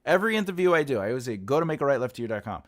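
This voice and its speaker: A writing teacher hosts a live writing stream, chatting loosely with viewers in a mid-range voice that comes out rapid-fire. He rambles, laughs often, and animatedly acts out what other people say.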